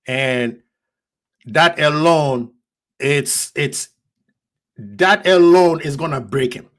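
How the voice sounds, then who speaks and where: A man's voice: a little high, extremely slow, a bit bright. A man hosting a fan reaction stream, passionate and preachy, ranting at rival fans. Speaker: fan channel host.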